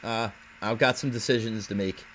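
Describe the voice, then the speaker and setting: A man's voice: fairly low pitch, fairly even intonation, normal speed, heavy background noise. A man hosting a casual internet radio show, rambling and profane, laughing often.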